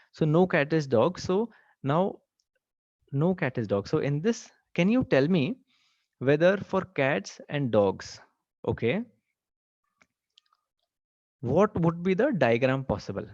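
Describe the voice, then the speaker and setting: A man teaches a live online class. His voice sits a little high and swings up and down. The sound is dry and slightly dull, like a webcast mic. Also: a little mellow, dry recording. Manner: asks the class frequent questions, repeats "okay" and "right". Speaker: online exam-prep teacher.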